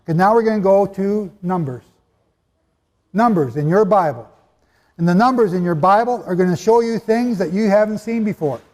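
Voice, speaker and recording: A man's voice: sits high, moderate pace, darkish tone. A man preaching a sermon-style teaching to a live audience, talking emphatically and conversationally and quizzing his listeners. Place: large hall with an audience. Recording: long hall reverb.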